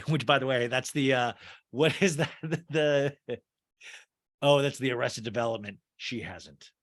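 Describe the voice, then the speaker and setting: A man's voice: medium pitch, measured pace. A man hosting a comedy podcast, recapping a reality show in a wry, gossipy and theatrical way. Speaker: podcast host. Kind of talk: comic TV recap.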